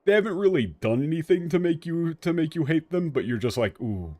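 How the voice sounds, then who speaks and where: A man streaming a game, talking casually and ranting in an animated way with frequent restarts. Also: on the high side, brisk, no room sound. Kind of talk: casual commentary while playing.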